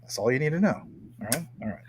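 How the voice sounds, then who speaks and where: A man's voice: on the high side, expressive, fast, a little mellow, husky, rough recording. A man hosting a casual livestream, reading viewer comments and teasing his guest playfully. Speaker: livestream host.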